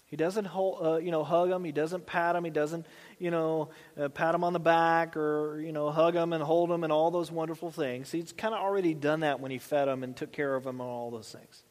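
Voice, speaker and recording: A man's voice: on the high side, fairly even intonation, a little fast, big-room sound. A man preaching a sermon in a conversational, folksy way with lots of asides. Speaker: pastor.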